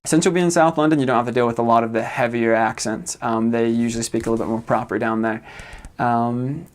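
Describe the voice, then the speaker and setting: A young American man in his twenties, a returned missionary, gives a casual informational talk in a mid-range voice at a quick pace. He's relaxed, uses lots of fillers, and chuckles often.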